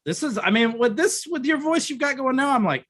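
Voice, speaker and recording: A man's voice: very high voice, lively intonation, fairly quick, fairly bright tone. A man co-hosting a podcast in casual chat, chatty and opinionated with a teasing streak, on a remote computer call. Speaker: podcast co-host.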